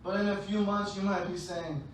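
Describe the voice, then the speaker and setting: A man's voice: high-pitched, steady tone, normal speed. Playful male pastor in an echoey hall. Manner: playful, acts out scenes with shouted voices. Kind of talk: sermon. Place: large church hall. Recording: echoey hall, distant mic, faint noise.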